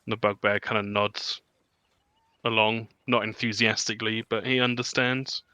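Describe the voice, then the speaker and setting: Brief: relaxed male game master, crisp and bright. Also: lowish voice, normal speed, no room sound. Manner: relaxed, with frequent ums and laughs. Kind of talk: narrating a tabletop game.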